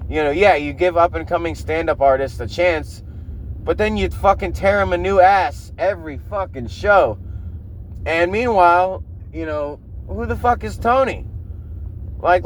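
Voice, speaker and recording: A man's voice: sits high, slight background noise. A man hosting a solo podcast, ranting in a profane, rambling way with lots of fillers and mocking asides. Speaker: podcast host.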